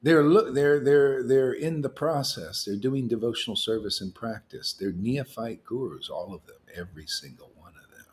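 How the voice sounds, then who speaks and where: A man's voice: medium pitch, normal speed, few pauses, darkish tone. A man giving an informal sermon to devotees as a spiritual teacher, emphatic and challenging, talking colloquially and repeating words for emphasis.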